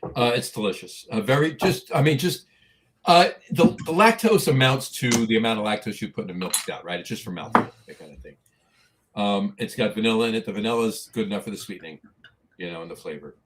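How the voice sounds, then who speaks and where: A man with a low voice co-hosts a casual podcast. He talks haltingly, filling pauses with "uh" as he hunts for the next word. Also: lively intonation, a bit bright. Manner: halting, many "uh" fillers, searching for words. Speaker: podcast co-host. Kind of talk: casual chat.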